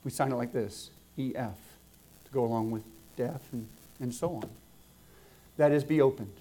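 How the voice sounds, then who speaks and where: A middle-aged man from Southwest Georgia preaching a sermon, building phrases up with emphasis and then dropping into soft asides. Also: mid-range voice, moderate pace, a little hiss or hum.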